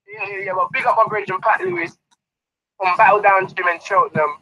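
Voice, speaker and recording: Boxing trainer, male, high lively husky voice, laughing storyteller. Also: unhurried, no echo, lo-fi sound. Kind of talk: casual interview chat.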